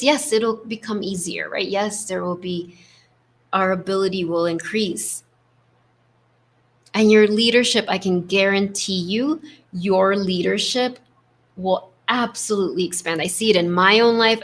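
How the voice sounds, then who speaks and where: Woman host, spiritual leadership coach; gentle, affirming, mid-range voice, slips into acted inner voices. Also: mid-range voice. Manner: gentle, affirming, frequent "right?" tag; acts out inner voices with shifts in tone. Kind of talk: spiritual coaching talk to a live group.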